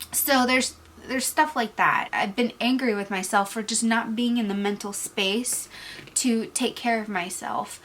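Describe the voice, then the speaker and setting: A woman's voice: medium pitch, fairly bright tone, poor audio. Woman, beauty vlogger, candid and reflective, teary-eyed; faint room noise. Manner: candid, reflective, trailing off into pauses. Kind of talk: casual get-ready-with-me chat.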